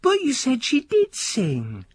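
A man doing a curious, high young boy. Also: wildly swooping pitch, slow pace, slightly rough, exaggerated voice. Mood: eager. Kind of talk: audiobook reading.

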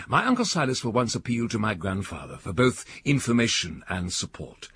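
A man narrating a story in an audiobook reading, slow and richly expressive. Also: mid-range voice, slightly rough, no echo.

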